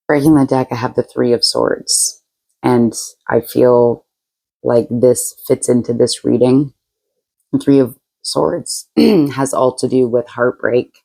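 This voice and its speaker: A woman's voice: very deep voice, fairly even intonation, slow, vocal fry, dark tone, poor audio. A woman giving a casual tarot reading to her viewers, chatty and frank, laughing often and using blunt slang. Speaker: tarot reader.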